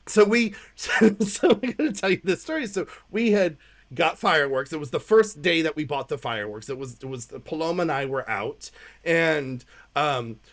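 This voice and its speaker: An American woman co-hosting a podcast, telling a story in casual chat with animated delivery and playful sound effects. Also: low-pitched, moderate pace. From United States. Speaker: podcast co-host.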